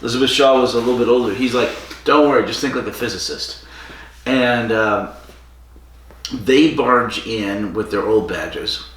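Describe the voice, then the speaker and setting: A man's voice: mid-range voice, normal speed, a bit bright. A man co-hosting a podcast, casually retelling a story with fillers and quoted lines. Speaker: podcast co-host. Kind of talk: casual chat. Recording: echoey room from far off.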